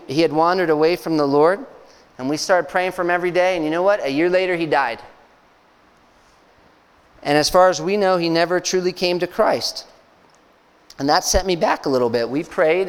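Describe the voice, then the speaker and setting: A man preaching a sermon as pastor, speaking conversationally with fillers and soft laughs. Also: fairly high pitch, clean tone. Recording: long hall reverb.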